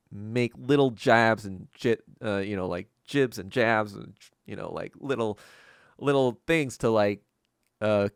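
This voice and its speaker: A man's voice: lowish voice, no echo, clean studio sound. A man hosting a solo podcast, talking at length in a loose, rambling way with lots of fillers, restarts and casual swearing. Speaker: podcast host. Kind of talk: long solo commentary monologue.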